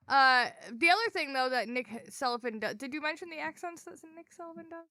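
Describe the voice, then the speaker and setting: A woman co-hosting a podcast, chatty and playful, with casual swearing. Her voice is bright and a little high. The recording is dry and close. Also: animated, brisk, dry recording. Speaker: podcast co-host. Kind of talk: casual chat.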